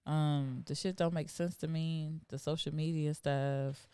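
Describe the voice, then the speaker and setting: A podcast co-host chatting casually, relaxed and quick to chuckle, answering in short remarks. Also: medium pitch, smooth, no echo, studio quality. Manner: laid-back, chuckling, short replies. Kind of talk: casual chat.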